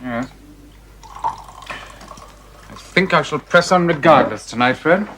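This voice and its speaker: A pompous young writer, wordy, lively swooping voice, somewhat high, faint hiss, 1970s TV drama. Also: male voice, takes it slowly. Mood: brisk. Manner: wordy and pompous, with fussy endearments. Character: eager young male writer, pompous, doting suitor. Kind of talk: 1970s television period drama.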